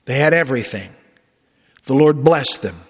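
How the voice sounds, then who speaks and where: A male pastor preaching a sermon in a conversational way, with emphatic rises and soft drops. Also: medium pitch, lively intonation, moderate pace. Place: church sanctuary. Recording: long reverb of a church.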